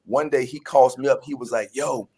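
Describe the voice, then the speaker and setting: A man's voice: medium pitch, fairly even intonation, fairly quick, darkish tone, slightly rough. A man, a guest actor telling his story in a casual interview. He acts out the voices he quotes and often restarts his sentences.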